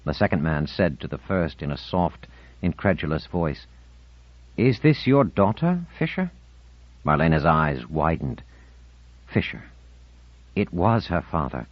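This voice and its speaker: A man reading a novel aloud as an audiobook narrator, in a measured, expressive reading. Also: rumbling low, no room sound. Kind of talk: scripted narration. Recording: dull, dry studio recording.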